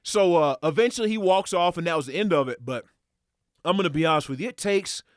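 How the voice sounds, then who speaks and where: Podcast guest, male, lively profane storyteller, fairly high voice, dry close sound. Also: quick pace, no echo. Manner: animated, profane, excitable retelling with acted quotes. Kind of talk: casual storytelling.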